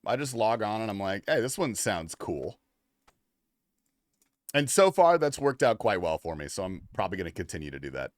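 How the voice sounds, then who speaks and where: Lively casual young man streaming. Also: fairly low pitch, quick pace, few pauses, no room sound, clean studio sound. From United States. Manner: casual, swears and laughs, reads chat aloud. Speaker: livestream gamer. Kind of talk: casual livestream chat.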